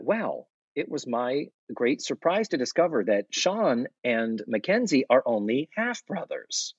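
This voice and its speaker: A man co-hosting a podcast, recapping a sitcom episode in a rambling, animated way. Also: medium pitch, measured pace, few pauses, breathy edge, dry recording, muffled recording. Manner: animated, rambling, does character voices. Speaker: podcast co-host. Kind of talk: casual recap chat.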